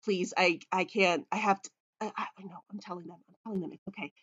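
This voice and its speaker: A woman's voice: fairly low pitch, steady tone, fast, a bit bright, slightly rough, lo-fi sound. Woman playing a stammering, frantic little sheep toon. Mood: panicked. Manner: stammering, anxious, breaking off mid-word.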